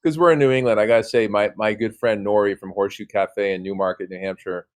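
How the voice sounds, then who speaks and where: A man appearing as a podcast guest, speaking earnestly and warmly inviting the hosts. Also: fairly low pitch, steady tone, quick pace. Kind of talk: casual podcast chat.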